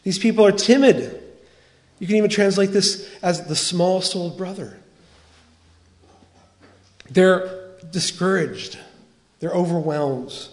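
A man preaching a sermon as pastor, earnest and animated, acting out quoted dialogue as he tells a story. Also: high voice, slow pace, pauses often.

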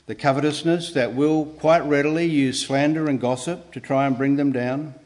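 A man preaching a sermon in an earnest, measured way, pausing and restarting, with emphatic rises on key words. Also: a little high, fairly even intonation, darkish tone.

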